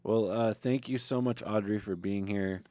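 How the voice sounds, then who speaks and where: A man's voice: fairly low pitch, fairly even intonation, normal speed, dark tone, no echo. A man hosting a casual podcast interview, asking questions and affirming often. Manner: affirming, many short yeahs. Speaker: podcast host.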